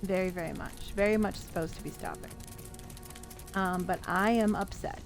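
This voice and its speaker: A woman hosting a casual let's-play, chatting to viewers and talking back at the game, shifting between exasperated outbursts and soft self-soothing. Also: mid-range voice, fairly even intonation, moderate pace. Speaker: gaming video host. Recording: game music playing clearly behind the voice. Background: game music.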